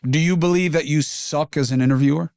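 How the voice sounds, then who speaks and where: A man's voice: fairly high pitch, steady tone, quick pace, vocal fry, darkish tone, clear, resonant tone, no echo, clean studio sound. A man hosting an interview, blunt and assertive, cutting in to push his own opinions. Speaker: podcast host, interviewer.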